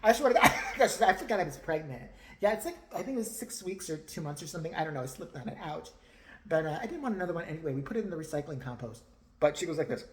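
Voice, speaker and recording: A man's voice: a little high, big pitch swings, fast talker. A male vlogger ranting crudely, mocking and laughing often as he talks. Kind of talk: profane rant commentary.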